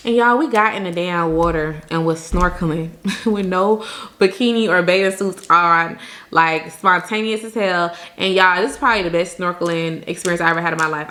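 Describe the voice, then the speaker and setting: A woman from Jamaica tells her viewers a vacation story in a casual, chatty way. Her voice is bright and a little low, and she laughs often as she talks straight to the camera. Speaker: vlogger telling a story.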